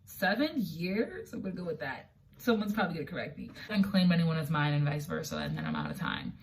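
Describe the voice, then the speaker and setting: Casting: woman in her twenties, low voice, lively storyteller heard a little far from the mic. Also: quick pace, a little hiss or hum. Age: 20s. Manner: animated storytelling, acts out quotes, many fillers. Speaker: guest. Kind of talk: casual chat.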